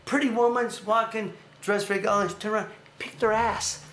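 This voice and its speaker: Animated male livestream host, bright, ranting, roomy sound. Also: high voice, brisk. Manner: animated, ranting, laughs and shouts at times. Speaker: show host. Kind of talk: casual livestream rant and chat.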